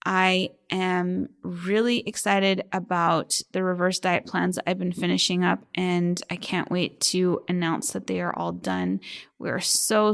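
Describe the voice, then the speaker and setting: A woman's voice: medium pitch, creaky. A woman in her thirties hosting a podcast, talking in a heartfelt, gushing way. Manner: warm, heartfelt and gushing, often near tears. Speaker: podcast host. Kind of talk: reading listener reviews on a podcast; scripted disclaimer read.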